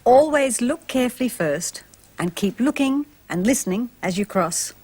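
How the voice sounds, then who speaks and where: A woman's voice: on the high side, animated, moderate pace, darkish tone, slightly rough. A woman voicing a caring young father in a children's storybook, protective and warning. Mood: firm.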